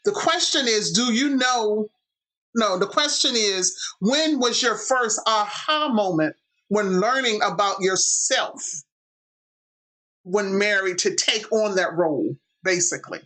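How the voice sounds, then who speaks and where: Upbeat woman host with a bright voice. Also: mid-range voice, expressive. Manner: upbeat, quick to laugh. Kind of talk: casual panel discussion.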